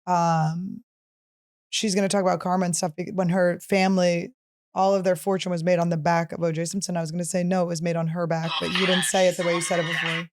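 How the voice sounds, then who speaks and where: A woman's voice: fairly low pitch, fast talker. A woman stand-up comedian hosting a podcast, chatting casually and telling stories with lots of acted-out lines. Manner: animated storyteller who acts out other people's lines.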